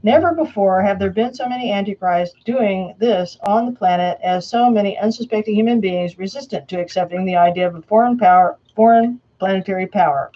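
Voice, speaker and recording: A woman reading a prepared statement aloud, slowly and emphatically. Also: mid-range voice, dark tone, highs cut off. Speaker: self-proclaimed Antichrist answering questions.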